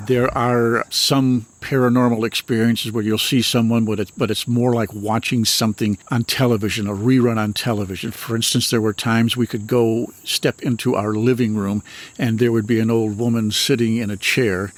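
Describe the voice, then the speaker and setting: Older man from Michigan, mid-pitched, retired minister recounting stories at an even, earnest pace. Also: dry recording. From Michigan, USA. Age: 60s. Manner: earnest, unhurried, matter-of-fact recounting. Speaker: retired minister and paranormal author. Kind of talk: personal storytelling in an interview.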